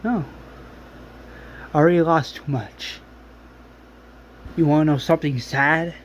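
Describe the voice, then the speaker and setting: A man voicing a grieving young man who pleads with his sister, emotional and halting. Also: fairly high pitch, steady tone, slight background noise, close to an everyday voice. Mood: pleading.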